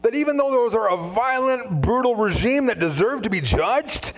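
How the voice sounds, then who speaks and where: A man preaching a sermon as pastor, conversational and animated, full of asides. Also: extremely high pitch, moderate pace.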